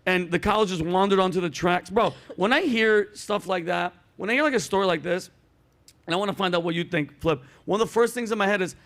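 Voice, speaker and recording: A man hosting a comedy chat show, telling stories with animated delivery and acting out voices. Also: high-pitched, brisk. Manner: animated storytelling, acts out voices.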